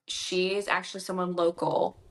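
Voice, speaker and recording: A young woman, chatting in an interview as a debut novelist and retelling conversations in a lively, rambling way. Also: on the low side, moderate pace. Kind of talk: casual interview chat.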